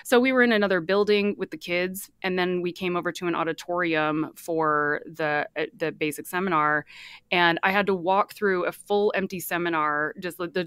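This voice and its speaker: A woman's voice: low-pitched, a bit bright, clean tone, no room sound. A woman guest on a podcast, telling a personal story in a chatty way, full of fillers, acting out what people said.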